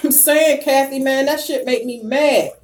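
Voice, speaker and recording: A woman hosting a casual live stream, reading the chat and ranting bluntly, with heavy cursing and bursts of loud laughter. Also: high-pitched, a little slow. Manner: profane, blunt and animated.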